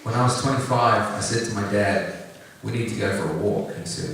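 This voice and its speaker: A man speaks earnestly to an audience, sharing a personal story with a few light jokes. His voice sits on the low side. The recording is very echoey, taken from some distance, with faint room ambience behind him. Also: fairly quick, a little hiss or hum. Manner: earnest, direct, gently humorous. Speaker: singer-songwriter talking about his song.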